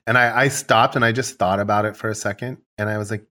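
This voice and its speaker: A man's voice: fairly low pitch, quick pace, few pauses. A man, a wedding photographer, chatting casually and rambling through stories, acting out what he tells his couples. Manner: relaxed, rambling storyteller who acts out his own dialogue. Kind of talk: casual podcast conversation.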